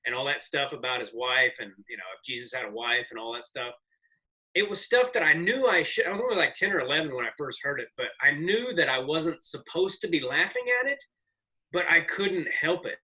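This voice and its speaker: A man in his forties, a comedian guest telling rambling, animated stories in casual podcast chat. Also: a little high, fairly quick, rough recording. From American South. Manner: rambling, animated storyteller with profanity.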